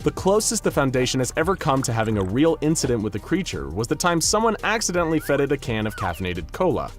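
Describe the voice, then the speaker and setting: A man's voice: mid-range voice, big pitch swings, fast talker, faint music behind. A man reading a scripted narration with dramatic storytelling emphasis.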